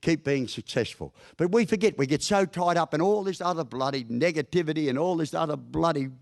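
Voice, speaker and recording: A man's voice: fairly high pitch, a little fast, creaky. Blunt Australian man telling yarns. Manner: folksy, blunt storytelling with mild swearing. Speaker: business speaker. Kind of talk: humorous keynote speech.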